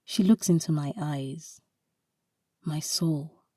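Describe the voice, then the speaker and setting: A woman narrating a romantic short story in a calm, measured way. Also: deep voice, breathy edge, dry recording, clean studio sound, far from the mic.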